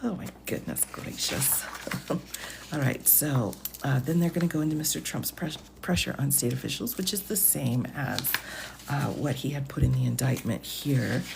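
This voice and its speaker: A woman legal commentator talking softly, half-whispering in an ASMR-style voice at home at night during a live stream. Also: extremely low pitch, lively intonation, moderate pace, vocal fry, noisy background. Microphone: phone.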